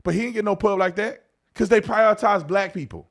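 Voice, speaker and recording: A man hosting an online commentary video, ranting heatedly and swinging between shouting and low muttering. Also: brisk, vocal fry.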